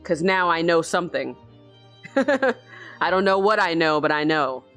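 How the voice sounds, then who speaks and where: A woman's voice: lowish voice, expressive, unhurried, a bit bright, soft background music. A woman giving casual, rambling let's-play commentary while playing a story game. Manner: rambling, chatty, self-aware. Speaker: gaming video host.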